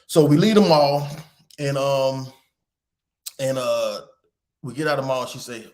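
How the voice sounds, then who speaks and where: A man hosting a podcast, telling a rambling story with lively quoted voices and casual swearing. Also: medium pitch, a little slow. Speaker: podcast host.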